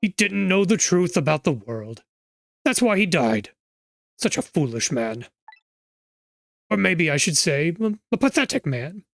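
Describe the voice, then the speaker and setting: A streamer voicing a mysterious, cryptic spirit who broods over truth and foolish men, in a slow, lowered, grave tone. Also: big pitch swings, creaky. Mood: scornful. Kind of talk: reading game dialogue aloud.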